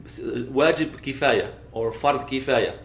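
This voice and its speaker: In a roomy recording with faint background noise, a man with a medium-pitched, creaky voice delivers a classroom lecture on Islamic law at a measured pace. He works through the material step by step, frequently checking "okay?" and moving between English and recited Arabic text.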